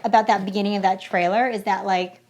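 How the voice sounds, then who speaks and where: A woman's voice: medium pitch, steady tone, fast talker, darkish tone, muffled recording. A woman co-hosting a podcast, chatting casually and enthusiastically with lots of filler words. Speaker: podcast co-host. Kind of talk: casual chat.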